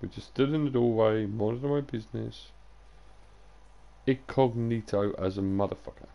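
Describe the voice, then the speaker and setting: A man's voice: lowish voice, moderate pace, gravelly, muffled recording. A tired young man chatting loosely and swearing to his viewers during a live game stream. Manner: loose, sweary banter to chat, drifting into sing-song and whispers.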